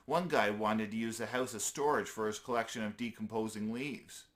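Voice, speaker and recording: A man's voice: fairly low pitch, steady tone, moderate pace, fairly bright tone. A man reading a children's story aloud in an easygoing way, with small slips he corrects as he goes.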